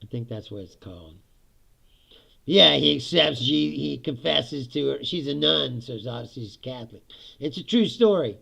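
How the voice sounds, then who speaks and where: A man's voice: medium pitch, expressive, moderate pace, sharp tone. A man hosting a casual ranting monologue, profane and laughing often as he talks. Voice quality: gravelly. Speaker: podcast host. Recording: dull lo-fi sound.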